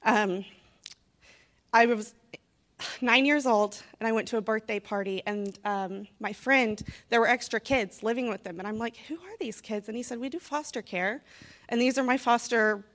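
A woman's voice: fairly high pitch, normal speed, fairly bright tone. Woman, church testimony, nervous and near tears, chatty and unscripted. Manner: talkative and unscripted, with fillers. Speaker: church member giving a testimony.

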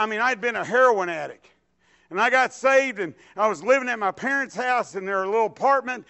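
A man with a Texan accent preaching and telling his story in a folksy, unhurried way. His voice sits high for a man. It has a bright, forceful edge, and he keeps tossing in an amen. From Texas, USA. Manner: folksy storytelling, drawn-out phrases, frequent amens. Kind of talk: sermon with personal testimony.

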